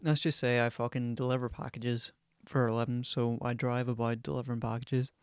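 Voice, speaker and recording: A man's voice: mid-range voice, flat delivery, a little fast, clear, resonant tone, no echo, clean studio sound. A young man hosting a podcast, rambling casually and swearing constantly as he chats. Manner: swears constantly, chatty and digressive. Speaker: podcast host.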